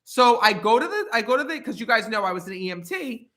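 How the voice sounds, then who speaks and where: A young man casually telling a story as a co-host, animated and acting out what people said. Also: very high-pitched, fast talker. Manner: animated, acts out quotes. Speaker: co-host, partner.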